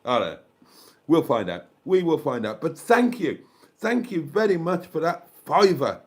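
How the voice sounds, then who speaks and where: A man's voice: a little high, big pitch swings, normal speed. An older man with a South Welsh accent, hosting a live stream in casual chat, rambling as he thinks aloud and thanks viewers. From South Wales.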